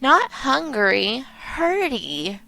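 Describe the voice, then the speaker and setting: A woman voicing a sick, clingy little boy with a high, childish voice while reading game dialogue aloud. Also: big pitch swings, drawn-out words, vocal fry, pushed and bright, heavily acted, poor audio. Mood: whiny. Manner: whiny, small-voiced.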